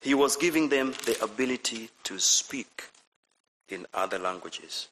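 A man preaching a lively sermon, asking the congregation questions and repeating his phrases. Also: medium pitch, a little slow, slight background noise, low-quality recording. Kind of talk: lively sermon with audience participation.

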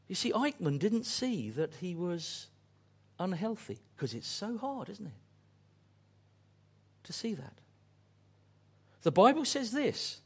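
A man's voice: high voice, big pitch swings, slow, pauses often, breathy edge. A man preaching a sermon, earnest and fond of repeated phrases and pointed questions.

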